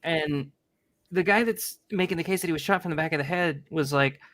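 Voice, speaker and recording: Drunk man, higher-pitched, bright tense voice, profane wry casual chat. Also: a little fast. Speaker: podcast co-host.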